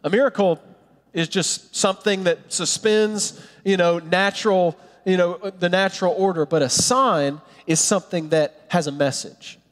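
Guy pastor preaching, high voice, acts out the people in the story, big echoey church hall. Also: moderate pace. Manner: animated storytelling, acting out characters' lines. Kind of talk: sermon.

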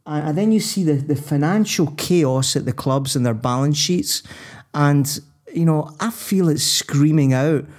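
A man's voice: a little high, measured pace, a little mellow. A man co-hosting a sports podcast, rambling and restarting as he thinks aloud. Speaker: podcast co-host. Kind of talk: casual sports chat.

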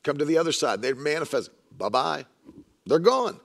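A man's voice: a little high, big pitch swings, quick pace. A man preaching a sermon in an emphatic way, repeating lines for stress and mocking the views he argues against.

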